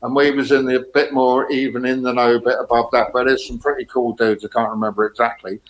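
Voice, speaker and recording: A man in his sixties, a guest telling casual, rambling stories with lively rises in pitch. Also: a little fast. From England. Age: 60s. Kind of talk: casual anecdotes.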